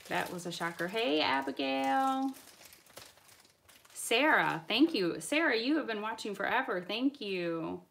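A woman hosting a live-stream toy unboxing. She chats excitably and answers viewer comments as she opens toys. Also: mid-range voice, moderate pace, vocal fry, few pauses, a little hiss or hum. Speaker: toy channel host. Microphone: camera mic on live stream.

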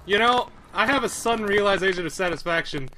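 Man, high bright voice, very lively, joking gameplay commentary, laughs a lot. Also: fast, slight background noise, low-quality recording. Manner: joking, laughs often, animated. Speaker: let's play commentator.

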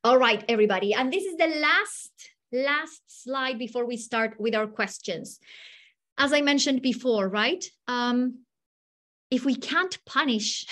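A middle-aged woman leads a live online teacher workshop over a video call, her voice sitting a little high. She speaks in an animated, upbeat way and coaxes her audience along. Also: a little slow. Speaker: teacher trainer leading a workshop.

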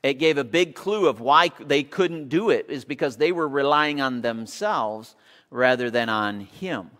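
A man's voice: medium pitch, expressive, unhurried, fairly bright tone. A man preaching a sermon to his congregation, reading scripture aloud and leading them in a call-and-response cheer. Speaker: pastor. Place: church sanctuary. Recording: long reverb of a church hall.

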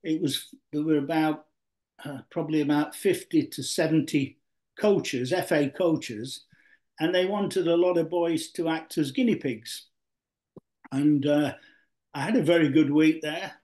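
A man's voice: on the high side, measured pace, dark tone. Rambling older Yorkshire man reminiscing. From Yorkshire, England. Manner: rambling with many fillers and restarts. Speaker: guest, former footballer. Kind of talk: storytelling interview.

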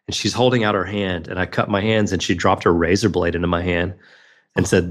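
A man's voice: sits low, fairly even intonation, fairly quick. A man in his thirties, a podcast guest telling a personal story in an earnest, reflective way.

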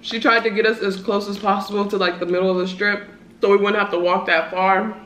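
A woman's voice: medium pitch, fairly even intonation, a little fast, a bit bright. A woman in her early twenties vlogging a casual mukbang chat, slangy and talking while eating. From Southern California. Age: early 20s. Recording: roomy echo.

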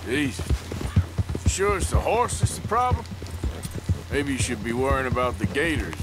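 An actor playing a gruff, middle-aged wandering outlaw who answers in dry, blunt retorts. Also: male voice, medium pitch, big pitch swings, normal speed, close to an everyday voice. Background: game music and hooves.

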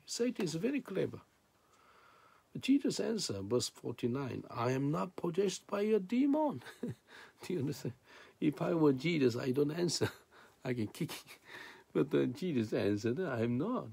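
Gravelly guy preaching, dark husky voice, broken english, keeps asking "do you understand". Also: a little high, very animated, normal speed, dry recording. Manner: non-native English, frequent restarts and rhetorical questions. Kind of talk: sermon with scripture reading.

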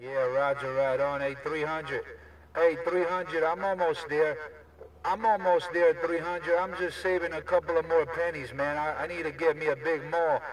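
A man chatting over CB radio, speaking in a drawn-out way full of radio jargon. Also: on the high side, fairly even intonation. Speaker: CB radio operator. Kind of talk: casual CB radio chat with trucker lingo. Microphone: CB radio handset. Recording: distant radio voice with crowd noise.

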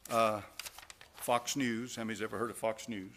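A man preaching a sermon as pastor, repeating phrases for emphasis and swinging between hushed asides and loud, fervent calls. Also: fairly low pitch, fairly even intonation, moderate pace, a little hiss or hum.

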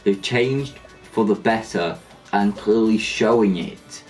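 A man's voice: lowish voice, takes it slowly, a little mellow, soft background music. Rambling young man gaming. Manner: rambling, chatty, with frequent restarts and jokey asides. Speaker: gaming channel host. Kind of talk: casual let's play commentary.

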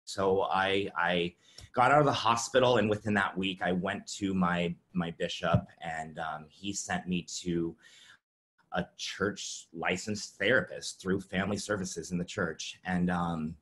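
A man giving a halting personal testimony at a virtual summit, with many fillers and restarts. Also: low voice, steady tone, a bit bright. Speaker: presenter sharing his story.

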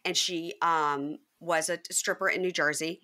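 A woman host with a Mississippi Southern accent chats casually, spinning stories full of quick asides. Her voice is fairly low for a woman, yet bright and forward. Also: steady tone. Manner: chatty storyteller, quick asides. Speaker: podcast host. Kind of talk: casual chat.

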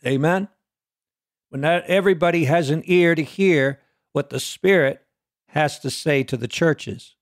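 A man delivers a sermon at an unhurried pace, his voice rising to loud peaks and dropping to quiet, low lines as he fires question after question at his listeners. The recording is dry and studio quality.

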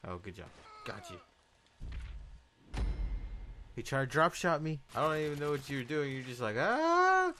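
Young male gaming host, lively pitch, bright tone, excitable and profane, faint background hiss. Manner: excitable, swearing, quick jumps into loud outbursts. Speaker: gameplay video host. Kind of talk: casual gaming commentary.

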